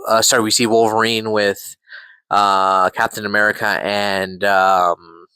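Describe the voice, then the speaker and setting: Man, casual excitable reviewer, heavy filler words and cursing; dry close sound. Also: fairly low pitch, measured pace, clear, resonant tone, dry recording, rough recording. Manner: excitable, swears, fills with "like". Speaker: podcast show reviewer.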